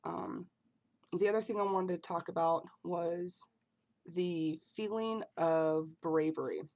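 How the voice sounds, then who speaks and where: A man's voice: a little high, takes it slowly, a little mellow. A man vlogging to camera in a casual, earnest way, often apologizing and circling back as he talks. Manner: earnest and apologetic, rambling with restarts.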